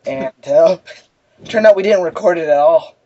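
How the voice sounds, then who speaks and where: A man's voice: a little high, animated, moderate pace, dark tone. A young man chatting casually as a movie reviewer, rambling and giggly with many fillers, on a dull lo-fi recording. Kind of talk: casual chat.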